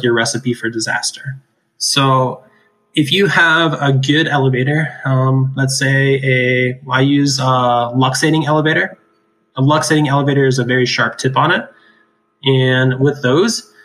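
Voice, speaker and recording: A man of medium pitch with a slightly bright voice speaks over poor-quality audio. He's an oral surgeon chatting casually about extraction cases, laughing a lot and ending his points with "right?" in a relaxed clinical discussion.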